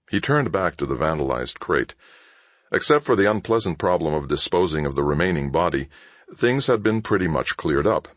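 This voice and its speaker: A man narrating an audiobook in a measured, expressive storytelling manner. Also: sits low, dry recording.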